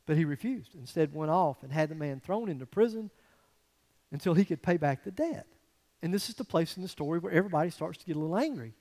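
A man preaching a sermon as a pastor, swinging from quiet, low passages to loud, emphatic ones. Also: lively intonation, fast talker, big-room sound.

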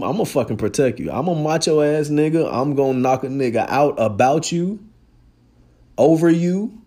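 Podcast host, man with a high voice that swings a lot, animated and profane. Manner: animated, profane, emphatic storytelling. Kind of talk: casual monologue.

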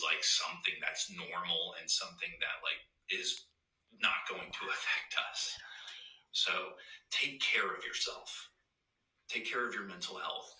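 A man's voice: on the low side, pushed and bright. A man giving an earnest advice monologue in a played video clip, dropping to a whisper at the end. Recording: roomy distant-sounding played video clip.

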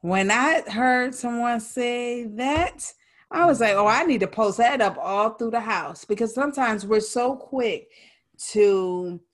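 Lively storytelling woman, slightly high. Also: slow pace. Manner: animated storyteller, acts out family exchanges, laughs often. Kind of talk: casual parenting chat.

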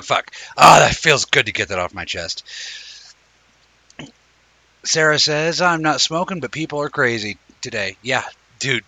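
A man's voice: mid-range voice, bright, forceful tone, no echo. A man co-hosting a late-night livestream, chatting loosely and joking with plenty of cursing. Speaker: co-host. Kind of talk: casual livestream chat.

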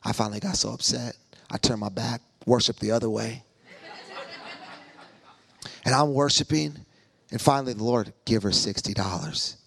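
A man preaching with comic stories, acting out each voice and stammering when he gets excited. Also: medium pitch, normal speed, creaky, long pauses, breathy edge. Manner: animated, acts out every voice in his stories. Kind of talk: comic storytelling sermon.

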